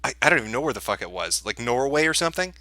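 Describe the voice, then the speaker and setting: A man's voice: medium pitch, big pitch swings, very fast, sharp tone, no echo. A man hosting a show, giving crude, profane and mocking commentary in an amused, sneering manner. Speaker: podcast host.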